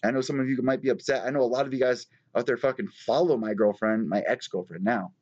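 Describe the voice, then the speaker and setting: Host, male, mid-pitched, swears freely and wanders off topic, muffled stream audio. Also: fast talker, a little mellow. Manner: profane, rambling storyteller. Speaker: host of a live news show. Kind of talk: casual live-stream chat.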